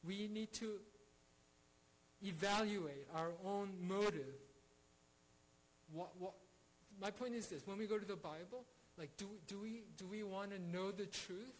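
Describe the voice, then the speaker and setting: A man's voice: sits high, a little slow, pauses often, low-quality recording. A man teaching a Bible study in an earnest way, with frequent restarts and rhetorical questions.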